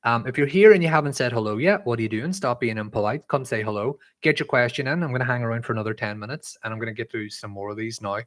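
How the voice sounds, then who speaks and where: A young Irish man with an accent that has drifted from living abroad, talking loosely on a live stream. He rambles and fills his sentences with "um" and "like," and his pitch sits at an ordinary middle height for a man. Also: quick pace, few pauses. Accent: mixed Irish, shifted by living abroad. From Northern Ireland. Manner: chatty and rambling, many "um" and "like" fillers, reads chat messages aloud. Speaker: livestream host answering viewer questions.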